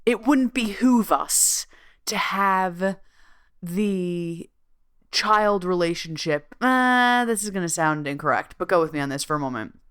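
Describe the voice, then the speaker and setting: Brief: woman podcast host with a lowish, smooth voice, chatty and profane, in a dry room. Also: measured pace, fairly bright tone, no room sound. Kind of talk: casual monologue.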